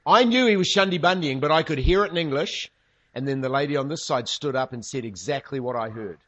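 A man's voice: mid-range voice, brisk, lo-fi sound. A man preaching a sermon, telling stories with humorous asides. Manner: humorous storytelling, lively asides. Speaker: pastor.

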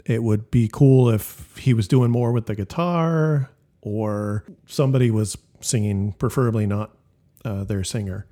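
Mellow-voiced man in casual podcast chat. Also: on the low side, measured pace. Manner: laid-back, rambling with fillers and restarts. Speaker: podcast co-host.

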